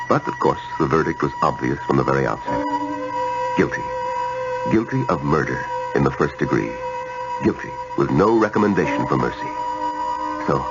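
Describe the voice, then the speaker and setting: A brooding man recalling a trial, with a very deep, lively voice and a measured, musing delivery. Loud music swells under this dull-sounding vintage radio recording. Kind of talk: 1970s radio drama narration. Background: loud music score.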